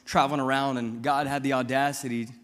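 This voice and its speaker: A man's voice: mid-range voice, flat delivery, a little fast, fairly bright tone, in a large hall. A pastor from Missouri preaching a sermon, telling his testimony in a bold, outspoken, conversational way.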